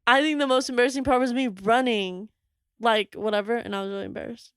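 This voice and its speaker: A young woman chats on a podcast in a rambling, giggly way, peppering her stories with fillers. Her voice sits a bit high and comes through smooth and clear. The sound is close and dry, with no room around it. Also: steady tone, fast talker, dry recording. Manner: giggly, rambling storyteller full of "like". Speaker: podcast co-host. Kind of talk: casual podcast chat.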